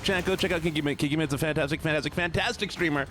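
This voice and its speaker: A man streaming a game live, excitable, swearing often and repeating words in quick bursts while he chats to viewers. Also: a little high, slight background noise. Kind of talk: live gameplay stream chat.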